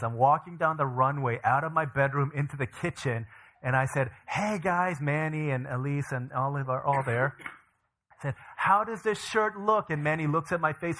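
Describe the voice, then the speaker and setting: Bright-voiced animated male pastor. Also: mid-range voice. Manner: animated storyteller who acts out quoted voices. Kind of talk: sermon with personal storytelling.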